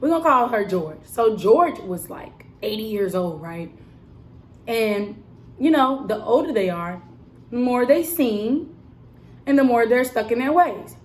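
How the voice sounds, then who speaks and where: A young woman telling a story in a casual, animated vlog style, emphatic and full of fillers. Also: fairly high pitch, unhurried. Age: young adult. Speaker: vlogger and cosmetics counter worker.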